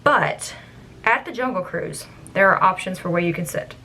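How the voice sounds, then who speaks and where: A woman's voice: on the low side, normal speed, slight background noise, poor audio. A young woman, a former theme park cast member, casually tells a work story and acts out the people she quotes. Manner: animated, acts out quoted guests.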